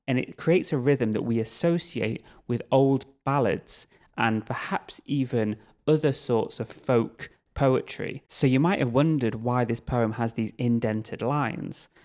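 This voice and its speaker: A man's voice: mid-range voice, darkish tone. A man teaching a recorded poetry lesson, explaining patiently and a little tentatively. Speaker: literature teacher.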